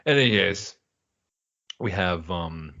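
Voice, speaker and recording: Man, very low voice, casual rambling recap, dry muffled sound. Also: slow pace, vocal fry, dry recording. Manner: rambling, animated retelling with put-on character quotes. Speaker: podcast co-host.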